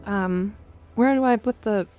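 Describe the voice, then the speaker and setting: A woman streamer chatting casually while gaming, crude and excitable, swearing freely. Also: medium pitch, unhurried, highs cut off, soft background music.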